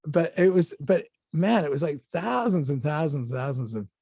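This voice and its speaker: A man's voice: on the high side, sing-song, normal speed, gravelly, warm tone, dry recording, studio quality. An older male actor, a guest on an interview show, telling anecdotes casually with many restarts and acted-out quotes.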